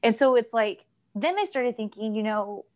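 A woman co-hosting a podcast in casual chat, telling a story with animated delivery and reading messages aloud. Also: on the high side, normal speed. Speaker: podcast co-host.

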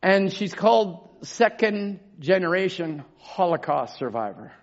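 A man telling a personal testimony in a sermon, moving from quiet storytelling to shouted preaching. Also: high voice, sing-song, measured pace. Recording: dull lo-fi recording.

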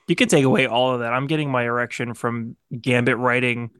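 A man's voice: medium pitch, fairly even intonation, fairly quick, over a noisy crowd. A man in a casual podcast chat, making crude enthusiastic remarks.

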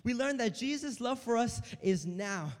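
A high-pitched man preaching a sermon in a church, with a long reverb trailing his words. He preaches with animation, dropping to a hush and then rising loud. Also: moderate pace. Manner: animated preaching, swinging between hushed and loud.

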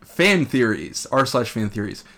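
A man's voice: medium pitch, big pitch swings, measured pace, fairly bright tone. A young man co-hosting a casual podcast, talking in a laid-back, rambling way with many fillers. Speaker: podcast co-host.

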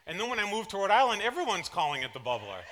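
At a church service, a pastor preaches to his congregation, animatedly telling personal anecdotes. His high-pitched voice comes rapid-fire, dropping into soft asides before rising into loud, excited bursts. There is slight background noise.

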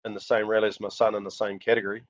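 A man's voice: lowish voice, very fast, dry recording. A middle-aged man with a New Zealand accent, a rally driver telling stories as the guest in a casual podcast interview, laughing often. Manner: animated storyteller, laughs often. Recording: dull lo-fi dry sound.

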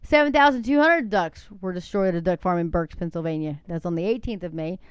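A woman with a smooth, clear voice, talking in a chatty, digressive way. She keeps calling her listeners "folks" between items on a long list. The sound is dry and close, with no room echo. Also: on the low side, a little fast. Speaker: commentator reading a list of incidents. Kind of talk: casual monologue.

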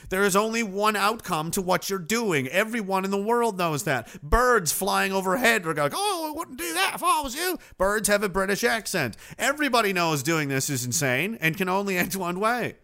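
His voice sits high with a sharp tone, moving at a moderate pace with few pauses. Hosting a live show, the man delivers a profane, sarcastic casual livestream rant and reads viewer comments out loud.

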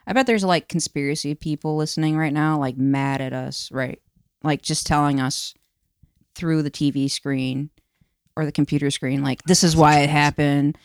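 Female co-host, chatty and teasing, slightly low voice, dry mic. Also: fairly even intonation, normal speed, smooth, dry recording. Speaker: podcast co-host. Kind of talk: casual chat.

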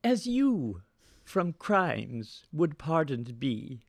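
An aging sorcerer pleads for his freedom in a slow, swelling, declamatory voice, as a man recites him on stage. The tone is gravelly, and the verse rolls out in grand theatrical measures. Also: a little high, big pitch swings, dry recording, studio quality, voice pushed up, heavily acted. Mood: solemn pleading. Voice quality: slow, loud, declamatory delivery. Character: aging male sorcerer begging release.

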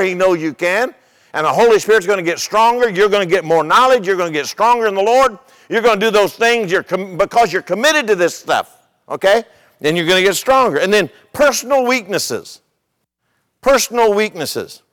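Older male pastor, high voice, loose conversational sermon delivery with stories. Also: lively intonation, a little fast, a bit bright, smooth, big-room sound. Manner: conversational, repeats words, tells humorous stories.

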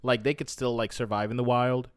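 A man speaking in a casual chat, halting and searching for words. His voice sits at a middle pitch. The sound is dry and close to the mic. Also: flat delivery, smooth, no echo. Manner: hesitant, with many fillers and restarts.

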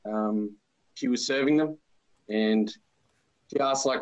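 Man, 40s, Australian accent, friendly podcast guest, mid pitch, dull lo-fi sound. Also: unhurried, pauses often. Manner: friendly, relaxed anecdotal. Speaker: interview guest, amateur footballer. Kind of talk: casual interview storytelling.

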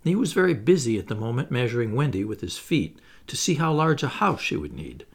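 A man reading a children's story aloud in a gentle, expressive narration. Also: mid-range voice, a little fast, creaky, slightly rough. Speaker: audiobook narrator.

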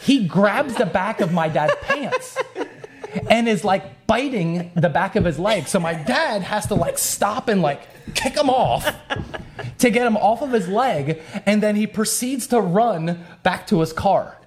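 Young male podcast host, slightly high voice, animated storyteller who laughs through his tale. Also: unhurried. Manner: animated, laughs while telling, acts out voices. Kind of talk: casual storytelling.

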